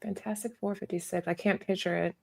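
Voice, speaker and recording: A woman's voice: mid-range voice, steady tone, brisk, vocal fry, darkish tone. A woman co-hosting a comic sales show, chatty and joking as she talks. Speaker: co-host. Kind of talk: casual chat about comic prices.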